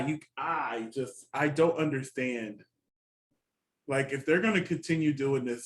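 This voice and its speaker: A man co-hosting a casual review chat, animated and laughing often. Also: medium pitch, a little hiss or hum, rough recording. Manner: chatty and animated, laughs often, quotes reactions. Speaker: co-host reviewing a TV competition.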